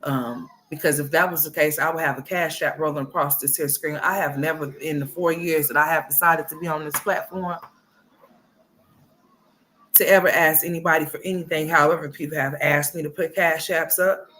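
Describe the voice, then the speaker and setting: Low-voiced lady doing livestream commentary, blunt, cussing, talking to her chat. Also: fairly even intonation, moderate pace, fairly bright tone, a little hiss or hum. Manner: blunt, profane, scolding, greets chat viewers by name; talks to viewers as y'all.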